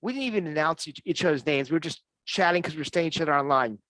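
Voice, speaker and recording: A man's voice: a little high, expressive, fast talker, a bit bright, no room sound. A man hosting an online fan show, chatting casually and enthusiastically, often restarting his sentences. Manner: rambling, enthusiastic, with frequent restarts. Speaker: host of a fan-group show.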